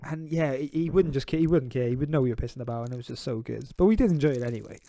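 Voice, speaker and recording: A man's voice: medium pitch, racing, creaky, warm tone, dry recording. A young man co-hosting a podcast, telling stories in casual chat with laughs and swearing. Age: young adult. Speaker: podcast co-host.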